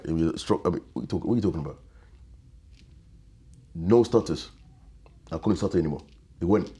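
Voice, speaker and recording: A man in his thirties with an extremely deep, low voice. He tells a painful personal story in an interview, halting, repeating words, and often dropping to a quiet, subdued tone. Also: slightly rough. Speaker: interview guest.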